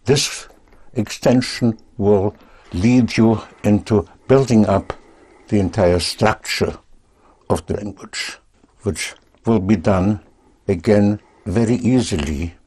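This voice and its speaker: A man teaching a language lesson, speaking patiently and deliberately in short phrases. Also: fairly low pitch, darkish tone, husky.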